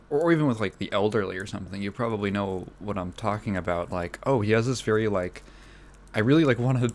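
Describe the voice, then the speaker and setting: A man hosting a casual solo podcast, rambling with many fillers and restarts, his throat phlegmy so he keeps clearing it. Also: fairly low pitch, a little mellow. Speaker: podcast host.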